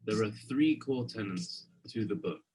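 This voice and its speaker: A man reading a scripted book summary in a calm, steady, explanatory way. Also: fairly low pitch, unhurried, breathy edge, rough recording.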